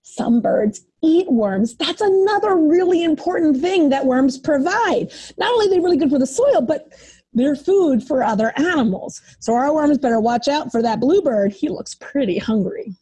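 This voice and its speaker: A woman preschool teacher reading a picture book aloud to young children in an animated, sing-song way. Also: high-pitched, moderate pace.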